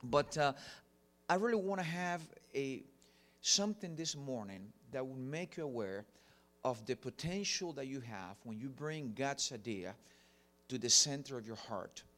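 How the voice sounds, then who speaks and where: A man's voice: mid-range voice, lively intonation, a little slow, a bit bright. A middle-aged man from Cuba with a Cuban Spanish accent, preaching a sermon earnestly with many fillers. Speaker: pastor.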